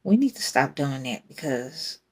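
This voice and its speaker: A woman's voice: rumbling low, sing-song, normal speed, a little mellow, slightly rough. A young adult woman, hosting a casual faith podcast in a rambling, candid way and laughing often. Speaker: podcast host.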